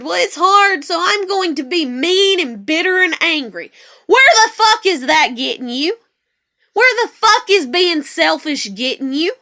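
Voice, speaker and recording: A woman's voice: extremely high pitch, animated, unhurried, bright, forceful tone. A woman in an emotional, angry monologue vlog, swearing heavily and hammering her points through repetition. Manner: heavily profane, ranting. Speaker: vlogger.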